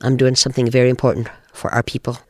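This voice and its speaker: A man's voice: medium pitch, little pitch movement, quick pace, no room sound, clean studio sound, natural voice. A man voicing a sad, dutiful male badger who curtly brushes off a pest. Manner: curt and irritated.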